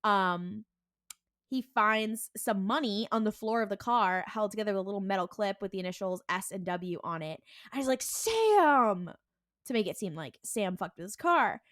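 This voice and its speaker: A woman co-hosting a podcast, casually recapping a TV episode and acting out the characters' lines in quick voices, with a lot of "like". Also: mid-range voice, lively intonation, fairly bright tone, no echo, studio quality. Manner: heavy use of "like" and "and he's like". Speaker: podcast co-host.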